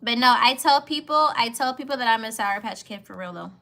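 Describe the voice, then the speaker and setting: A woman's voice: fairly high pitch, expressive, a little fast, creaky, pushed and bright. A woman in her twenties chatting casually as a vlogger, playful and slangy, laughing often. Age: 20s. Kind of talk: casual chat reacting to comments.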